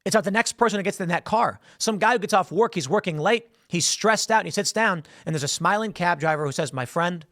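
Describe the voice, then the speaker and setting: A man talks straight to his listeners in a loose, conversational way, slipping into quick impressions of the people in his story. His voice sits a little higher than most men's. The sound is close and dry. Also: a bit bright, no echo. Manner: conversational storytelling, acts out quotes. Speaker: political commentary host. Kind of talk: solo political commentary.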